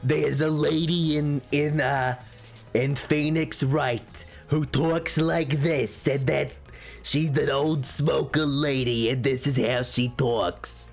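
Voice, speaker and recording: A man voicing an older woman security guard who smokes, talking in a slow, raspy drawl. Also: on the high side, steady tone, faint music behind, full character voice.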